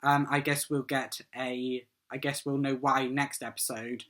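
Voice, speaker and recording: Bright-voiced man rambling through a review. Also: mid-range voice, little pitch movement, unhurried. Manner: rambling, full of "um" and "like", eager. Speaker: TV episode reviewer. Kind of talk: casual solo review monologue.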